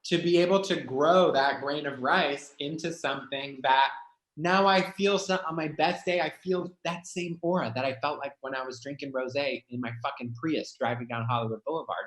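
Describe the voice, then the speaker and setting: His voice sits on the high side with a fairly bright tone as he recounts his own story as a guest, candid and emotional. Fillers like "like" are everywhere, and a swear word slips out here and there. The sound is roomy and rough.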